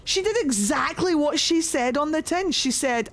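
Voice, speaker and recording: A woman streaming a video game, chatting excitably and swearing freely. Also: high-pitched, moderate pace. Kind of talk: live gameplay commentary.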